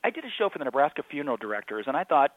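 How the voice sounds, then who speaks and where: A man's voice: mid-range voice, very animated, no room sound. A man appearing as a guest comedian in a casual radio interview, chatty and jokey. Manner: chatty, jokey, quick to laugh. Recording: slightly dull lo-fi line.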